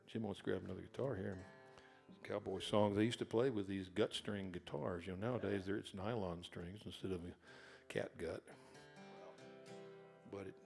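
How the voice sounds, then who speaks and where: Gravelly-voiced man telling stories on stage. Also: on the low side. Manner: folksy, rambling, wry. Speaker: author and singer-songwriter. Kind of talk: storytelling between songs at a concert. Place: live concert hall with audience. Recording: long hall reverb with guitar.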